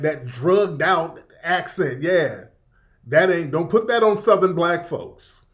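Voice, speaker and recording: High-voiced man hosting an unfiltered livestream. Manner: rambling, profane, repetitive, reacting to chat. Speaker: radio show host. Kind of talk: casual livestream commentary.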